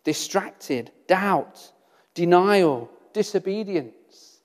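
Male preacher, high-pitched and earnest, rhetorical questions and repetition, recorded with long reverb. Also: animated, very slow. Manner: earnest, rhetorical questions, repeats phrases for emphasis. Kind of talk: sermon.

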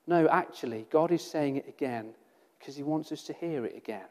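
Male preacher, high-pitched and earnest, rhetorical questions and repetition, recorded with long reverb. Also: fairly quick, darkish tone. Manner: earnest, rhetorical questions, repeats phrases for emphasis. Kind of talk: sermon.

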